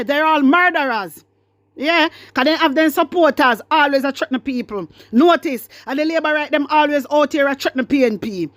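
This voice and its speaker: Defiant Jamaican woman vlogger, high voice. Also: no room sound. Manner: defiant, repetitive, mixes patois and English. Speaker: political vlogger. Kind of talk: fiery rant to camera.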